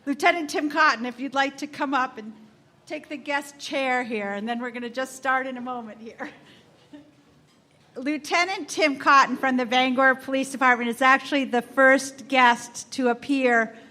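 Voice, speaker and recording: High-voiced bubbly woman host. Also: normal speed, bright, forceful tone. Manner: bubbly, laughs often. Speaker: podcast host. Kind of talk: live event speech. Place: event room with live audience. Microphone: handheld microphone.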